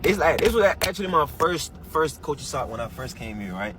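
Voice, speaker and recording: A man from Nigeria, telling a story to camera in an animated, slangy and profane way. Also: fairly high pitch, brisk, background noise.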